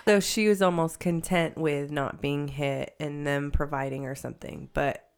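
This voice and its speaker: A woman's voice: deep voice, steady tone, moderate pace, smooth. A woman interviewing a guest, attentive with short encouraging replies. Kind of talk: casual interview.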